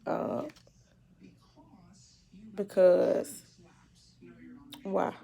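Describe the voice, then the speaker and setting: Woman, gravelly, mellow and dark, emotional, halting, repeats herself, video diary. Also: fairly low pitch, steady tone. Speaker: mother.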